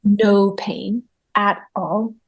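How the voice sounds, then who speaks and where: A woman's voice: medium pitch, very slow, breathy edge. Earnest woman telling a spiritual story. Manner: earnest and reflective, with animated bursts when retelling her fear. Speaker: guest medium. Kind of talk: personal storytelling in a podcast interview.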